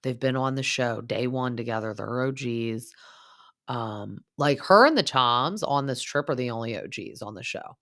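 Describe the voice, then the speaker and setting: A woman's voice: very deep voice, normal speed, fairly bright tone, dry recording, studio quality. A woman in her thirties hosting a podcast, chatting casually and gossipily in a TV recap, filling her talk with "like". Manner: chatty, gossipy, heavy use of "like". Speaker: podcast host.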